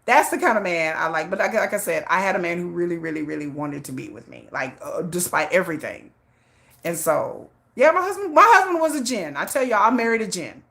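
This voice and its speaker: A woman host telling a candid personal story on a livestream in a blunt, animated way, laughing often and cursing. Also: on the low side, brisk, vocal fry.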